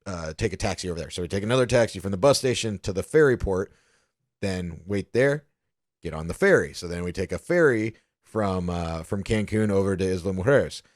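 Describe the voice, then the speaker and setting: A young man from the American South with a lowish voice chats on a podcast, swearing freely as he tells a story. The sound is dry and close, with no room around it. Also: lively intonation, fairly quick, dry recording. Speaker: podcast co-host. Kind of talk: casual chat.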